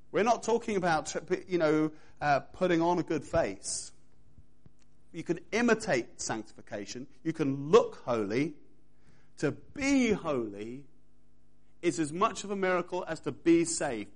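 Guy preaching a sermon in church, kinda high voice, repeats lines for emphasis. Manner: emphatic, repetitive preaching cadence; engages congregation directly.

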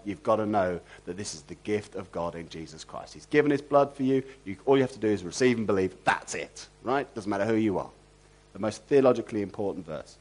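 Animated preacher man, rhetorical questions. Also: mid-range voice. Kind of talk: expository sermon.

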